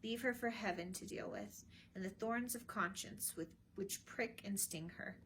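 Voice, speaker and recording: A woman voicing the ghost of a dead king, speaking slowly in a solemn, hollow voice for a storybook reading. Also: mid-range voice, fairly bright tone, a little hiss or hum, natural voice. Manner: slow, grave, hollow delivery.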